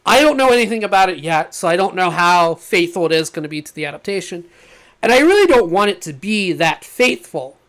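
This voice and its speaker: A man co-hosting a podcast in casual chat, animated and laughing often as he pitches ideas. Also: brisk. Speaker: podcast co-host.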